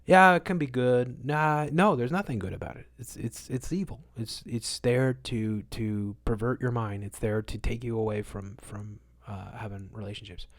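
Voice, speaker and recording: A man hosting a livestream, answering chat in a casual rant, moralizing and repeating words for emphasis, at times loud, at times muttering. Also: lowish voice, normal speed, hardly any pauses, no room sound. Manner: swings between loud outbursts and muttered asides.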